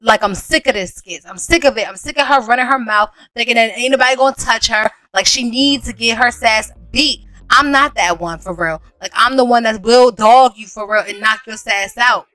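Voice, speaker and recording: A woman hosting a life-sim game let's play, giving animated, slangy commentary and laughing often. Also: fairly high pitch, moderate pace, hardly any pauses, no room sound.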